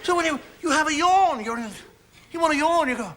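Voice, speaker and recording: A man's voice: very high-pitched, animated, a little fast, a loud crowd, very noisy. A man doing a stand-up comedy monologue, chatting playfully and acting out everyday gestures for a studio audience.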